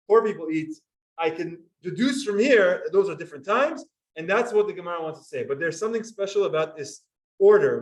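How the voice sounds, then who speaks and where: A man's voice: sits high, distant mic, rough recording. A man teaching a Talmud class, explaining step by step and asking his students questions.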